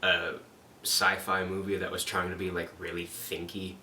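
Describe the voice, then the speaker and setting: A young man co-hosting a casual film review chat, tossing in joking asides and quick interjections. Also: deep voice, completely flat delivery, bright, forceful tone, a little hiss or hum. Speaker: podcast co-host. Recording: roomy, distant mic with faint ambience.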